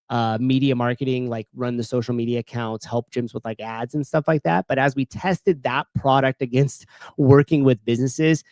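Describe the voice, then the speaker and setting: A man's voice: mid-range voice, darkish tone, no echo. Rambling casual man on a podcast. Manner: rambling, many fillers, swears casually. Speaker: podcast co-host. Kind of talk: casual livestream chat.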